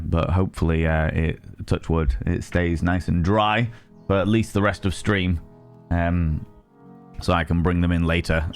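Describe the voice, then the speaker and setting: A man's voice: low-pitched, darkish tone. A man chatting casually with his viewers on a live stream, greeting them by name and rambling playfully between topics.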